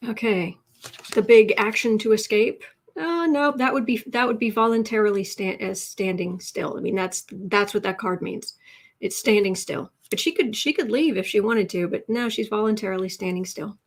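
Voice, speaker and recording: A woman's voice: mid-range voice, moderate pace. A woman hosting a live tarot stream, chatty and emotional, teary at times, reading out viewer comments. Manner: emotional and chatty, many restarts.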